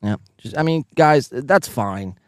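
A man with a Northeastern American accent hosting a live podcast, casually reading chat messages aloud, joking and swearing, with sudden loud bursts. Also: mid-range voice, slow pace, no echo, studio quality. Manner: profane, joking, animated bursts. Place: home, near neighbors.

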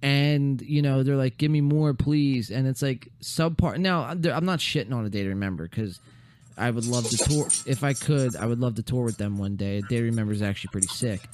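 A young man hosting a casual podcast, rambling and profane with many fillers, his voice going hoarse. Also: mid-range voice, brisk, a little mellow, slight background noise. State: losing his voice. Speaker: podcast host.

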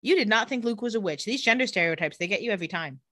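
Rapid-fire and animated, a woman runs through a TV episode on her podcast, lowering her voice to play the characters. The recording is clean studio sound with no room noise.

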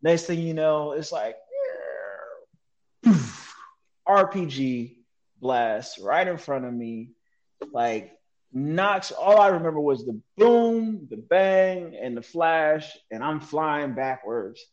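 A man telling a story as a guest in an interview, animated and slangy, mimicking sounds as he relives events. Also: on the high side, slow pace, dull audio. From United States. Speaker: guest, military veteran.

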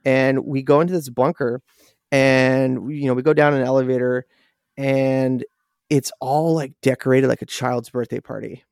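A man co-hosting a podcast, telling a story in animated casual chat, swearing freely and acting out what people said. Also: mid-range voice, normal speed, vocal fry, clean tone, dry recording, clean studio sound. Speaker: podcast co-host.

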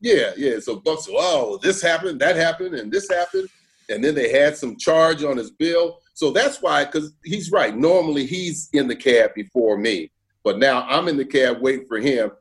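A man telling a story with animated asides and chuckles in a casual conversation. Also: medium pitch, moderate pace. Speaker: former basketball broadcaster, guest.

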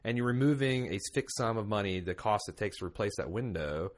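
A man's voice: lowish voice, expressive, a little fast. Male podcast host, casual banter, rambling and self-deprecating. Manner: rambling, self-mocking, many fillers.

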